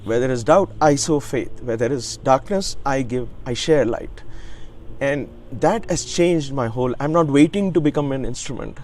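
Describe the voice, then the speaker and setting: A man's voice: mid-range voice, normal speed, a little hiss or hum. A man, a guest in an interview, telling a personal spiritual story in an earnest, reverent way. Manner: earnest, reverent, quotes his teacher with lively emphasis. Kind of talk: conversational storytelling.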